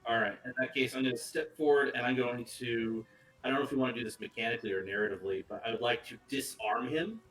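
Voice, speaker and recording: A man playing a tabletop game who describes his character's moves in a halting way, full of fillers and restarts. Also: medium pitch, fairly bright tone, distant mic, low-quality recording. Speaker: player.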